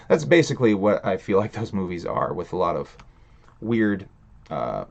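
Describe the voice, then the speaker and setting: A man's voice: deep voice, expressive, brisk, creaky, darkish tone, lo-fi sound. A man hosting a livestream, ranting in a casual, rambling way, swearing a lot and laughing between thoughts. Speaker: stream host.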